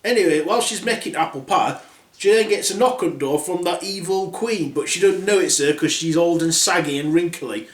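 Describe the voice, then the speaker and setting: A man's voice: on the high side, brisk. Man rambling a crude fairy tale. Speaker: storyteller host. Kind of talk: comic fairy-tale retelling. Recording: roomy echo.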